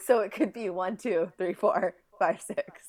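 A woman's voice: medium pitch, unhurried. A young woman co-hosting a podcast in casual chat, telling stories with profanity and frequent laughter. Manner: animated, profane, laughing storyteller. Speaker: podcast co-host.

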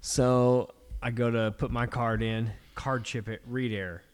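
Male podcast co-host, middle pitch, swearing and exasperated in loose banter. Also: level tone, a little slow, clear, resonant tone. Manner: profane, ranting, exasperated venting. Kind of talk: casual chat.

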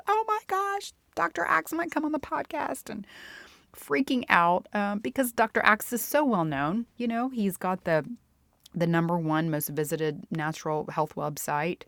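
A woman with a low-sitting voice, recorded dry, hosts her own podcast in a casual solo monologue. She's chatty and warm-hearted, speaking directly to the listener as a friend and calling them "my friend."

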